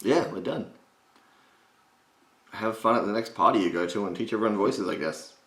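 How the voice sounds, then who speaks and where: A man with a slight gravel in his voice, giving a casual, jokey voice impression tutorial and swearing freely. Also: lowish voice, fast, pushed and bright, slight background noise. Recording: roomy echo.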